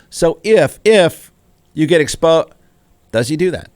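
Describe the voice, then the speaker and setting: A man's voice: fairly high pitch, animated, unhurried, long pauses, a little mellow, no echo, clean studio sound. A man hosting a talk show, giving snarky, irreverent commentary full of rhetorical questions. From Austin, Texas. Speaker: radio talk show host. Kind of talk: opinion commentary.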